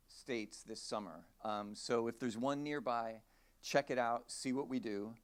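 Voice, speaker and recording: A man presenting his company's exhibits at a conference with an upbeat, salesy delivery. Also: medium pitch. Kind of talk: conference pitch.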